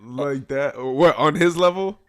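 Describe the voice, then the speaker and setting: A man co-hosting a podcast, teasing his friends with quick jokes in casual banter. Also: on the high side, clean tone. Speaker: podcast co-host.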